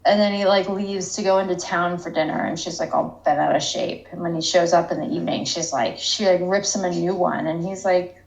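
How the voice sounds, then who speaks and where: A woman's voice: lowish voice, steady tone, fairly quick, gravelly, hardly any pauses. A woman co-hosting a podcast, retelling an episode bluntly and with plenty of swearing. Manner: blunt, profane, exasperated retelling. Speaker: podcast co-host. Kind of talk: casual recap chat. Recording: roomy echo.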